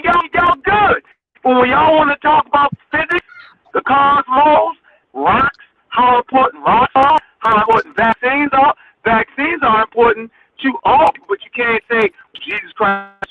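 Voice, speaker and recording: A man's voice: extremely high pitch, muffled recording, background noise. A man in a heated panel discussion, talking emphatically and stammering, with many repeated words. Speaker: guest panelist.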